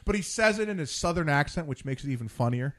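A man with a somewhat high voice hosts a loose late-night talk show. He rambles through side stories, restarting his sentences and drifting off on tangents. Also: animated, fast, a bit bright. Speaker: podcast host. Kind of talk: casual late-night chat.

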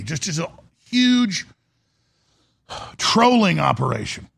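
Gravelly-voiced man hosting a broadcast. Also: on the high side, sing-song, slow pace, sharp tone, no room sound. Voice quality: gravelly and husky. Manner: rambling, with restarts and sudden emphatic rises. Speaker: host of a live broadcast. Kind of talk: monologue commentary. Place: broadcast studio.

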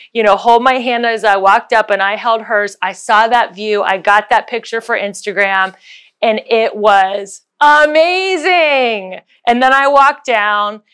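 A woman giving a motivational talk, telling a story with lively acted-out quotes. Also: medium pitch, clear, resonant tone. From United States. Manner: animated, acts out voices in her story.

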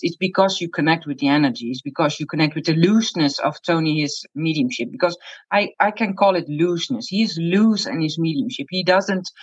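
A Dutch woman who is a spirit medium, telling stories in a lively way, laughing along. Her voice sits fairly low. The audio is dull and lo-fi, with a dry, close sound. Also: brisk, husky, no room sound. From Netherlands. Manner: lively, laughs often, acts out quotes. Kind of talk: casual storytelling interview.

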